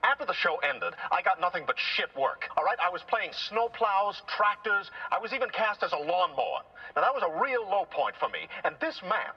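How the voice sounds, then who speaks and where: An actor voicing a loyal, hot-tempered male talking car in a comedy film, husky and prone to emotional swearing outbursts. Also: high-pitched, very animated, moderate pace, hardly any pauses, muffled recording, exaggerated voice. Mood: indignant.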